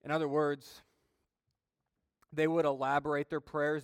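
Emphatic, smooth-voiced male pastor. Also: fairly high pitch, little pitch movement, unhurried, long pauses, dry recording, clean studio sound, in a large hall. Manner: emphatic, builds intensity when retelling stories. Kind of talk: sermon.

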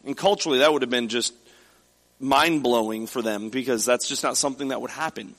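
A man's voice: mid-range voice, fast talker, a bit bright, big-room sound. A male pastor preaching a sermon, reading scripture aloud and then explaining it in a conversational way.

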